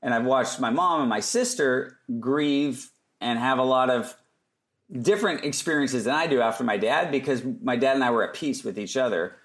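A man's voice: medium pitch, moderate pace, a bit bright. A man as a podcast guest, telling casual stories and acting out other people's lines as he goes. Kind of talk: casual storytelling interview.

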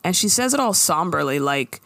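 A woman co-hosting a casual chat, recapping a TV episode with animated storytelling and acted-out lines. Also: fairly low pitch, moderate pace, dry recording, studio quality. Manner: animated storytelling, acting out characters' lines with laughs. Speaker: podcast co-host recapping a TV episode.

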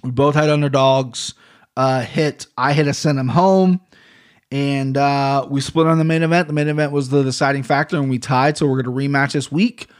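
A man's voice: mid-range voice, steady tone, normal speed. Chatty, rambling man hosting a podcast. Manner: rambling, profane, keeps adding "right?". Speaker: podcast host. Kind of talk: casual solo podcast monologue.

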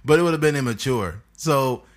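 A man's voice: medium pitch, lively intonation, brisk. A man, hosting a podcast and telling a crude story in casual chat, laughing often. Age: 30s. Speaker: podcast host.

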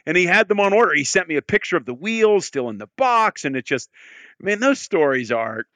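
An enthusiastic man in casual podcast conversation, talking cars with a bright, forceful tone. He often stumbles over and repeats his first words, then presses on. The recording is close and dry. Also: high-pitched, very animated, a little fast, dry recording. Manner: enthusiastic, repeats words when starting sentences. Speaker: car auction specialist, podcast guest.

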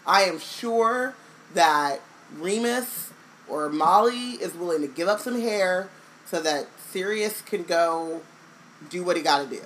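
A young woman in casual chat, animated and quick, slipping into silly voices for the characters she talks about. Her voice sits a little low. A faint hiss of noise runs under the recording. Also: rough recording. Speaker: podcast co-host.

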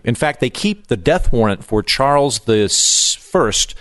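A man's voice: medium pitch, lively intonation, unhurried, few pauses, a bit bright, no echo, clean studio sound. A man in casual chat as a guest comedian, rambling and jokey with many restarts.

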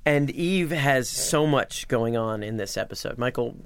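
A man's voice: mid-range voice, expressive, measured pace, smooth, no echo. A man co-hosting a podcast in casual, conversational interview chat. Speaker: podcast host. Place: Los Angeles studio.

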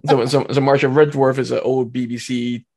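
A man's voice: medium pitch, little pitch movement, a little fast, warm tone. A man co-hosting a casual gaming chat, speaking in an easygoing way and explaining his points with examples, often chuckling. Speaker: podcast co-host.

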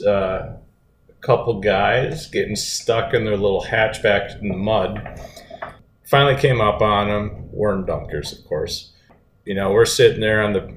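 A man co-hosting a casual chat, telling stories in an easygoing way with dry humor. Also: a little slow. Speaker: podcast co-host. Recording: roomy echo, faint rumble.

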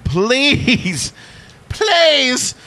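A man's voice: sing-song, very slow, pushed and bright, exaggerated voice. A man voicing a whiny listener who begs. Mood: pleading, wailing. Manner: high, wailing, overdone pleading. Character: whiny pleading listener, mock-British man.

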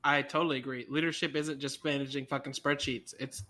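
A man's voice: mid-range voice, little pitch movement, fast, pushed and bright. A man co-hosting a podcast in casual chat, laid-back, swearing and laughing easily. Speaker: podcast co-host.

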